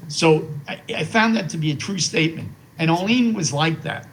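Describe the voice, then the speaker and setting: With lively intonation and a moderate pace, a fairly high-voiced man in his eighties tells rambling, heartfelt stories as a guest in an interview, often falling back on "you know." The audio quality is poor.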